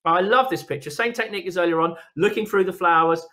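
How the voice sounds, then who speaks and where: A man in middle age talks through his wildlife photographs with bouncy enthusiasm, a touch high in pitch. He jokes, trips over words and restarts often, like a relaxed stage presenter. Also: fast talker. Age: middle-aged. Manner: energetic, jokey, lots of restarts. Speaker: wildlife photographer giving a talk.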